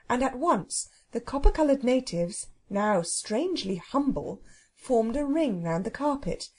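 A woman narrating a children's audiobook with expressive, measured storytelling. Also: on the high side, husky. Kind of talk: storybook reading.

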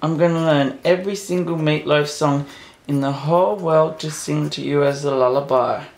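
A man chatting to his new puppy at home at night in soft, doting baby talk, often shushing it. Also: on the high side, steady tone, moderate pace, gravelly. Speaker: vlogger. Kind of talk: casual chat with a new puppy. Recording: roomy echo, faint room noise.

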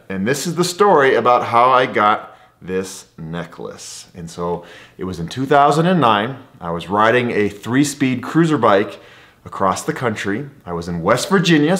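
A man's voice: on the low side, a bit bright. A man and travel vlogger telling a story to camera in an enthusiastic, conversational way.

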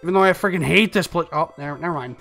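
High-voiced sarcastic gamer man. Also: very fast, creaky, music in the background. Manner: sarcastic, grumbling, mild swearing. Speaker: let's play host. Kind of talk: casual gameplay commentary.

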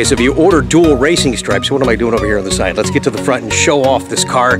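Man, vlog host, chatty, enthusiastic, car dealership, music in the background. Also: mid-range voice. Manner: chatty and enthusiastic, quick asides. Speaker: Corvette salesman and channel host. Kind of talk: casual vlog chat.

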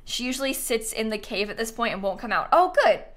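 Young female game streamer: casual, chatty, quick to laugh, with a slightly high voice and keyboard clicks behind. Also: expressive, faint music behind. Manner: chatty, reads quest text aloud, laughs easily. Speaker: gaming streamer. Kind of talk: casual live-stream commentary.

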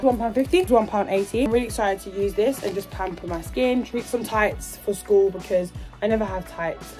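In this haul vlog, the English teen vlogger keeps up her bubbly, casual chatter. Her pitch is medium and her tone darkish, and faint background music plays.

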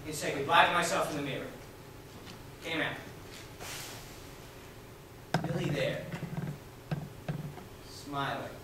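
Young man playing a troubled teenage son, stage monologue, theatrical, hushed to loud, high voice, distant mic. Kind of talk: live stage acting. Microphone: distant room mic. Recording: distant, echoey theatre hall, noisy.

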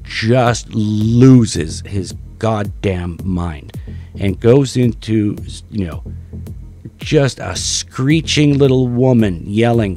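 A man hosting a commentary video, ranting profanely in a sneering, halting way. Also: lowish voice, expressive, dark tone, faint music behind.

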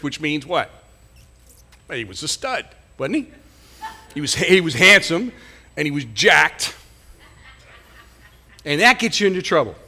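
A man's voice: on the high side, sing-song, unhurried, long pauses, sharp tone, breathy edge. A male pastor giving a conversational sermon, often asking the congregation rhetorical questions.

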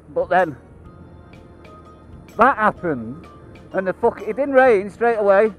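High-voiced laughing British man vlogging. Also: animated, slow, long pauses, fairly bright tone, faint music behind, low-quality recording. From United Kingdom. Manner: laughs often, swears constantly, rambling. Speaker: motorcycle vlogger. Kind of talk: casual chat to camera.

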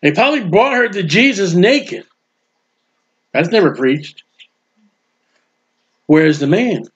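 A man preaching a sermon with emphasis, swinging between loud proclaiming and quiet asides. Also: high voice, very animated, takes it slowly, dull audio.

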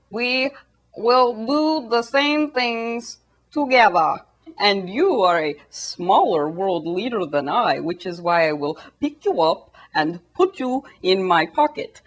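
A woman doing a comic impression of a smug, chummy male Russian leader with a put-on Russian accent, slow and deliberate in broken English. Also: fairly high pitch, a bit bright, exaggerated voice. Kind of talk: parody news impression.

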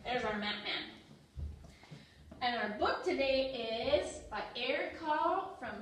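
High-voiced teacher in an echoey room. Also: female voice, lively intonation, a bit bright. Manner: slow, singsong, coaxing teacher talk. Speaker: preschool teacher. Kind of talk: online lesson for young children. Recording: echoey room, far from mic, faint noise.

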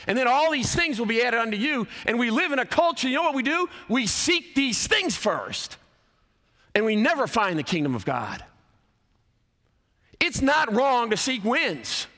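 Preaching with emphasis in a big college chapel, a man in his fifties who is a college athletic director and speaker uses a very high-pitched, pushed and bright voice with big pitch swings for effect. He keeps a moderate pace, and long hall reverb trails his words.

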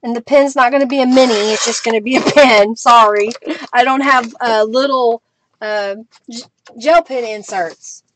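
Middle aged lady chatting on a craft livestream, kinda high voice, laughs a lot. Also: normal speed, a little hiss or hum. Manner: chatty, talks to viewers while working, laughs often. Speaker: crafting live-stream host. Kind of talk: casual live-stream chat.

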